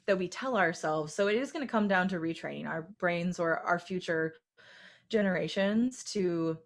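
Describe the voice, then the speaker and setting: A woman's voice: fairly low pitch, normal speed. Talkative American woman, candid panelist. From United States. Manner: candid, talkative, many "like" and "right?" tags. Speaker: panelist, vocal coach. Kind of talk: casual panel discussion.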